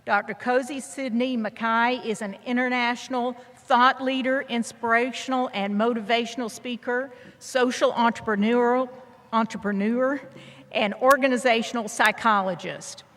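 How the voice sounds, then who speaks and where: A woman's voice: a little high, steady tone, normal speed, fairly bright tone. A woman introducing a guest speaker at a graduation ceremony, reading from a prepared text. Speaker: ceremony presenter. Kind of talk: formal introduction read aloud. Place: large hall. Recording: long reverb of a large hall.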